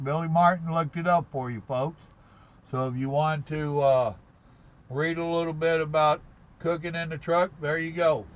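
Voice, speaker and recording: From his truck cab at a stop, a man who drives trucks for a living reads viewer comments aloud during a laid-back live stream. He talks in a slow, folksy drawl, calls people "brother," and his voice sits on the high side in poor audio.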